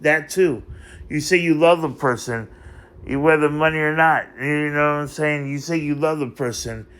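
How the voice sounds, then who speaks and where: A man's voice: fairly high pitch, moderate pace, fairly bright tone, clear, resonant tone. Rambling, emotional man confronting someone. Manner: repetitive, circling back on phrases. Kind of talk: unscripted monologue to camera.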